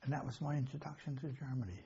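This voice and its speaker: Older man with a gravelly, husky voice. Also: medium pitch, quick pace, mellow, muffled recording. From England. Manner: rambling anecdotal storytelling with chuckles and self-corrections. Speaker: interviewee, war veteran. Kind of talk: oral history recollection.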